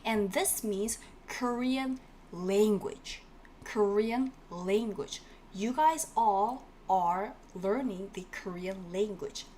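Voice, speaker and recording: A woman's voice: a little high, a little mellow, a little hiss or hum. A woman teaching a live online language class, encouraging her students and repeating each word again and again, with frequent laughs. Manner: encouraging, repeats words for drilling; laughs often, playful asides.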